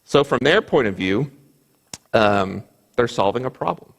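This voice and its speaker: A man's voice: mid-range voice, expressive, unhurried, gravelly. A man teaching a Bible class in a church, speaking earnestly, quoting scripture and often restarting his sentences. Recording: reverberant church hall.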